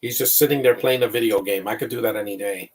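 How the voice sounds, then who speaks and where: Husky man rambling through a movie. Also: fairly low pitch, fast talker, far from the mic. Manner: rambling, opinionated, stumbles on repeated words. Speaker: movie commentator. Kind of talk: casual live film commentary.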